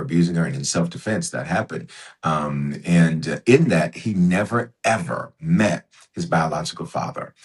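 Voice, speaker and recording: A man, a bishop and author, talking as a podcast guest with a preacher's cadence, emphatic and repeating his phrases. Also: sits low. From United States. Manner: emphatic, repeats phrases, acts out inner voices. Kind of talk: conversational interview with preacher's cadence.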